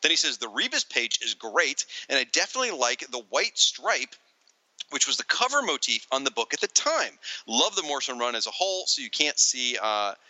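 Animated fast-talking bright-voiced man. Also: medium pitch, no echo, poor audio. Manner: animated, laughs often, reads comments aloud. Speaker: podcast co-host. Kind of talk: casual podcast chat reading listener mail.

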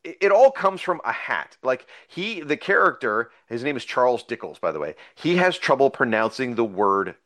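A man's voice: medium pitch, very animated, moderate pace, hardly any pauses, fairly bright tone. Chatty man hosting a comics podcast. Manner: rambling, enthusiastic, with many fillers and restarts. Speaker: podcast host. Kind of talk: casual podcast chat.

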